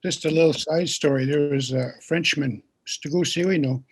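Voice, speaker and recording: Gravelly, husky storytelling man. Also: a little high, normal speed. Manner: gentle storyteller who has listeners repeat words. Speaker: guest speaker and pipe keeper. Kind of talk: storytelling teaching talk.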